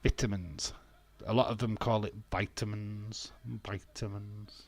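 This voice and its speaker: A man's voice: fairly low pitch, steady tone, measured pace. A British man hosting a casual live watch-along, bantering and reading chat comments aloud with frequent laughs. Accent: British English. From England.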